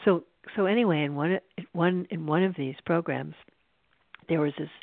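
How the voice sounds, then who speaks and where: A meditation teacher giving a spiritual talk in an unhurried, reflective way, with frequent restarts, over a tinny phone-like line. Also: mid-range voice, dry recording. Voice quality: creaky.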